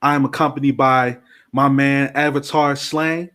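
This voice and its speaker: A man's voice: mid-range voice, little pitch movement, moderate pace, pushed and bright. A man hosting a podcast, playfully introducing his co-hosts in casual banter. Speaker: podcast host.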